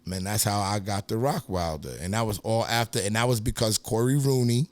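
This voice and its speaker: This New Yorker talks fairly quickly in a lowish voice, his New York accent clear. As a guest on a podcast, he spins loose, foul-mouthed stories, getting animated and loudly playing the parts of people he quotes.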